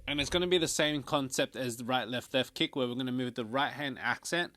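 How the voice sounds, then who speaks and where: A man's voice: medium pitch, fairly quick, sharp tone. A man teaching a drum lesson, counting out stickings aloud as he explains. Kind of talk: instructional demonstration. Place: drum studio.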